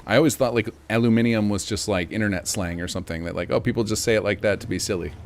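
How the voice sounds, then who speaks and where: A man's voice: lowish voice, very fast, slight background noise. An American man chatting casually to viewers on a live game stream, rambling in a chatty way. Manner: rambling, chatty, talks to chat.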